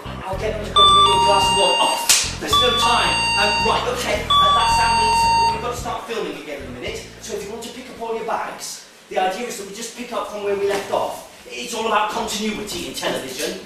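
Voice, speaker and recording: A brash game show host in an improvised stage play, bossy and patronizing, with a very high voice that leaps around. He is caught from far off in an echoey theatre with faint music behind. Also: huge pitch swings, fast, hardly any pauses. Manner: showy, bossy, speaks down to the contestant.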